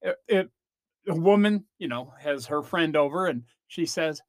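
A man hosting a comedy podcast launches into a rambling comic rant into a close mic, breaking off mid-sentence and slipping into mock voices. His voice is a little high with lively intonation, at a moderate pace, and there's no room sound.

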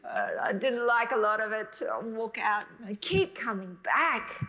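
A middle-aged woman preaching a sermon, earnest and emotional, rushing ahead in bursts, then slowing to soft, drawn-out emphasis. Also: a little high, animated.

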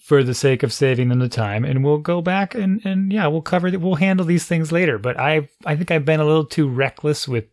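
A man chatting casually as a parent, reflective and giving calm advice. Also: a little high, a little fast, hardly any pauses, no room sound, studio quality. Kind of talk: casual chat.

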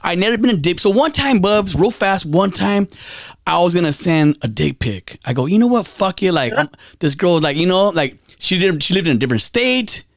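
High-voiced, stammering man telling stories. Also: animated, a little fast, dry recording, clean studio sound. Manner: rambling storyteller, stammers and repeats words, swears freely. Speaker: podcast host. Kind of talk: casual chat.

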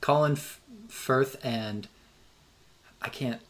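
A man's voice: medium pitch, slow. A man co-hosting a podcast in casual chat, playful and often laughing as he talks. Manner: playful, laughs while talking. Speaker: podcast co-host.

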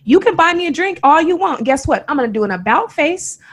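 A woman from Oakland with a Bay Area accent, co-hosting a podcast and telling a story in an emphatic, animated way. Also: high voice, brisk. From Oakland, California. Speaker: podcast co-host. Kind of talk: casual storytelling chat.

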